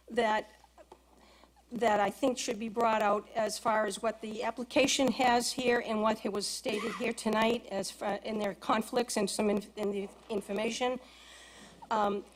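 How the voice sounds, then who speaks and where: A woman resident giving public comment at a city council hearing, reading from documents with frequent hesitations. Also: a little high. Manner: hesitant, reads from application with many ums. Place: council chamber.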